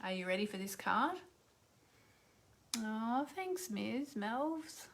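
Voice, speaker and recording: A middle-aged woman hosts a casual livestream as an astrologer, her voice sitting a little high. She chats loosely and greets viewers by name before going on air. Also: sing-song, takes it slowly, vocal fry, slight background noise. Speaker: astrologer and radio host.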